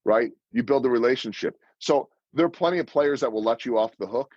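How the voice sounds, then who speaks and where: A man's voice: mid-range voice, a little fast, a little mellow, no room sound, lo-fi sound. A man in his fifties, a sports broadcaster guest telling stories in an interview and acting out the lines he quotes. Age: 50s. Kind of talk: storytelling interview answers.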